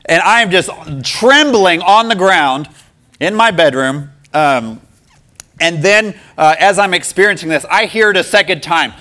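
A man with a bright, forward voice tells his faith testimony in an easy, self-deprecating way. He laughs often between his words and leans on fillers and restarts. In the quieter, reflective parts his voice drops soft and low. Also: lively intonation, measured pace. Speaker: speaker sharing a faith testimony. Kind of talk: personal testimony storytelling.

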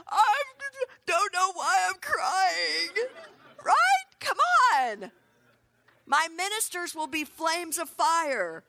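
A middle-aged woman preaching a sermon in an animated way, often calling out to her listeners. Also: high-pitched, dry recording. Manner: animated, calls out "come on" to the crowd.

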